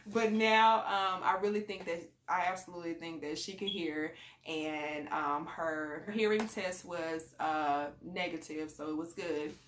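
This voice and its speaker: Woman, low-ish voice, chatty vlog talk, rambling, echoey room. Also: a bit bright. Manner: chatty and conversational, rambling with fillers. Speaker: parent sharing advice on a channel. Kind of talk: casual advice vlog.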